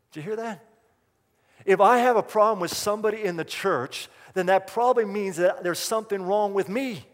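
High-voiced preacher in a reverberant hall. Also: male voice. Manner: emphatic, repeats key lines, asks the congregation questions. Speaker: pastor. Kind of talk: sermon.

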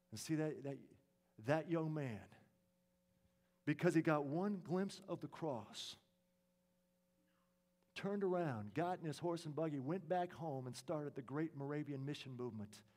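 Man preaching a hushed, dramatic sermon story. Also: fairly high pitch. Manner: dramatic storytelling, dropping to a hush at emotional peaks.

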